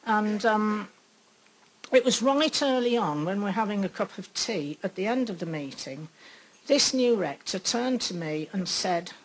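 An older woman giving a personal faith testimony, reflective and pausing often with ums. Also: medium pitch, lively intonation, low-quality recording. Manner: unhurried, reflective, with frequent pauses and ums. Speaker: speaker sharing a faith testimony.

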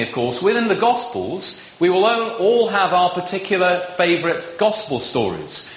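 In an echoey church with box pews, a visiting preacher gives a sermon laced with playful teasing of the congregation. His voice is high-pitched and a bit bright.

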